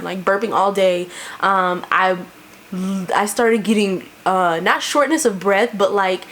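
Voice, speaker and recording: A young woman talks to her camera at home in a loose, chatty vlog style. She laughs often and leans on "like" and "you know" as she goes. A faint hiss sits behind her voice. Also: medium pitch. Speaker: vlogger. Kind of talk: casual chat to camera.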